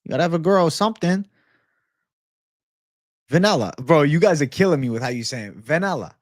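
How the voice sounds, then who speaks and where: A man's voice: fairly high pitch, expressive, fairly quick, dry recording, studio quality. A young man hosting a casual livestream, swearing freely and calling everyone "bro" as he reads and answers chat comments. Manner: profane, loose, repeats "bro" constantly. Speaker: livestream host.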